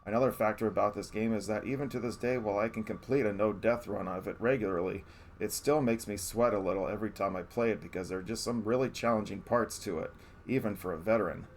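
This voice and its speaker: A man's voice: on the low side, fairly even intonation, fast talker, slight background noise. A man reading out his review of a favourite retro game on a live stream, earnest and often restarting his sentences. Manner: earnest, self-correcting restarts.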